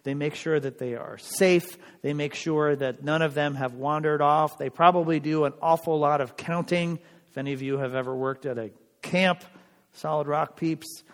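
A male pastor preaching a sermon in a church, earnest and conversational, with emphatic pauses. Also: on the high side, fairly even intonation, in a large hall.

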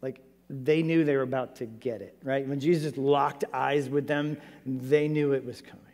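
A man preaching a sermon as pastor, animated and conversational, asking his church many rhetorical questions. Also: medium pitch, moderate pace, in a large hall.

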